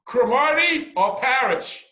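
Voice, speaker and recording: A man hosting a casual video-call interview, teasing his guest with drawn-out either-or questions in an excitable manner. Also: very high voice, roomy sound. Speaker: channel host.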